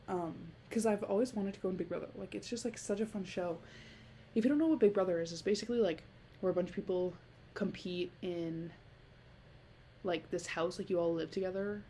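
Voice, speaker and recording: A woman's voice: on the low side, dark tone, slight background noise. A teenage girl hosting her own podcast, chatting casually and rambling with lots of "like" and frequent laughter. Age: late teens. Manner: rambling, heavy use of "like", giggly. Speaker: podcast host. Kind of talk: casual solo podcast chat.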